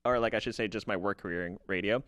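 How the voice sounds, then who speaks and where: A man's voice: lowish voice, fast, dry recording, clean studio sound. A man co-hosting a casual podcast, chatting about cartoons and basketball and retelling scenes with laughter. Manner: animated storyteller, laughs while retelling scenes. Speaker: podcast co-host. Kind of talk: casual sports and pop culture chat.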